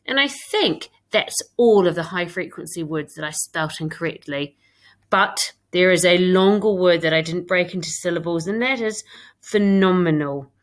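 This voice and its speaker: Giving a recorded English lesson to young children, a British primary school teacher reads out her own writing and works through it step by step. She speaks at a normal speed in a lowish voice.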